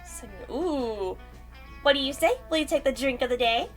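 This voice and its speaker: A woman puts on a flamboyant magical cat who tends bar in a game, his voice pitched high and bouncing widely. He teases and shows off theatrically. Read from a visual novel with soft music underneath. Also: animated, moderate pace. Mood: playful. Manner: theatrical, teasing. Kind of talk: reading a visual novel aloud.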